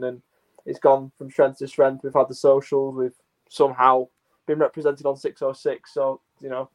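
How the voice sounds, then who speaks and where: Brief: podcast co-host, man, rapid and monotone. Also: medium pitch, low-quality recording. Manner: rambling, thankful sign-off. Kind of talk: casual podcast chat.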